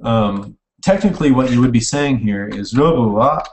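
A man's voice: medium pitch, expressive, moderate pace, darkish tone, slight background noise. A man giving an informal recorded language lecture, speaking casually and correcting himself as he goes while typing. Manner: casual, self-correcting, types while explaining. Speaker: online language teacher. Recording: echoey room, mic at a distance.

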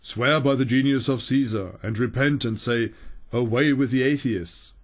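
A man's voice: medium pitch, normal speed, lightly acted. A man reading as a stern Roman magistrate. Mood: threatening. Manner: commanding, threatening demands.

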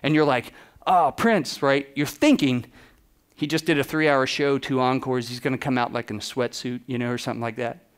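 A man giving a conference keynote, telling stories in a casual, animated way, full of fillers and acted-out quotes. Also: mid-range voice, a little fast, clear, resonant tone. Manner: animated storytelling, acts out quotes with voice drops; casual, many "like" and "you know" fillers. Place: conference stage before an audience.

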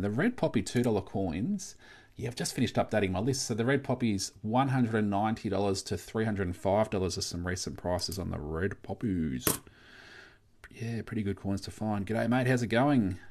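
A young Australian man with a somewhat low voice talks through a live stream in an easygoing, chatty way. He reads out viewer comments and answers them casually. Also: normal speed, a little mellow. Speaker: coin collecting livestream host.

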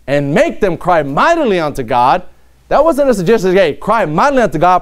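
A man's voice: high-pitched, a little mellow. A man preaching a sermon in a church, earnest, reading scripture aloud with rising emphasis.

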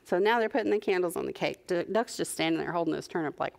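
A young adult woman leading a preschool story time, talking to small children in an animated, encouraging sing-song. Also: lowish voice, fast talker, gravelly, hardly any pauses. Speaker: children's librarian.

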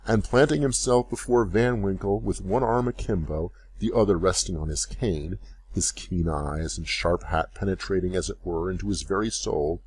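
Low-pitched male storyteller, measured, expressive graded-reader narration. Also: slightly rough.

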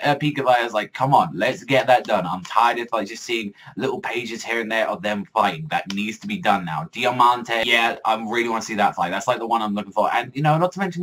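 Rambling, profane man with a low voice. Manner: rambling, heavy filler words, profane; excitable, voice jumps up when worked up. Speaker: manga reviewer. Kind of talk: casual rambling review.

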